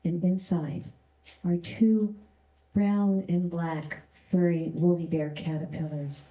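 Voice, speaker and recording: Woman, stage storyteller, slow deliberate delivery, very dark low voice, roomy echo. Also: little pitch movement, dull audio. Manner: slow, deliberate, present-tense narration. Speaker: storyteller, former prison librarian. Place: stage at a community arts event.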